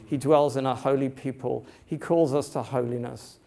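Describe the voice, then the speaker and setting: A man preaching a sermon, telling a story in an earnest, halting way with many restarts. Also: medium pitch, steady tone, vocal fry, dark tone.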